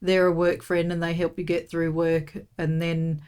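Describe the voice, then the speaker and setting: Chatty Australian mother, low voice. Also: level tone, normal speed, clear, resonant tone. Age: middle-aged. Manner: warm, rambling, many "you know"s. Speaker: podcast guest, host's mother. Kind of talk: casual chat.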